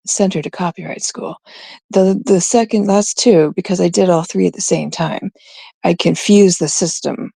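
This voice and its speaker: A woman from Canada chats on her own stream at an unhurried pace. Her voice has a gravelly fry and a husky edge. She rambles in a gossipy, confiding way over a dry, close sound. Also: fairly low pitch, fairly even intonation, mellow, dry recording. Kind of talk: casual livestream chat.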